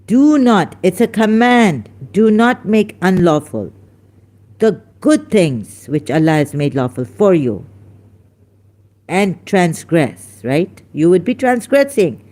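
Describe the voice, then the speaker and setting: Angry, slow-talking debate host. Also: mid-range voice, expressive, a little mellow. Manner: scolding, rhetorical questions, emphatic. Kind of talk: heated religious debate.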